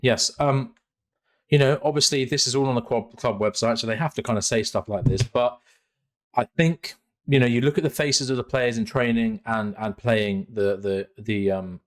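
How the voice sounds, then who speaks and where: A man's voice: mid-range voice, normal speed. A man co-hosting a football podcast, chatting casually in a rambling, slangy, jokey way. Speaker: podcast co-host. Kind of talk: casual chat.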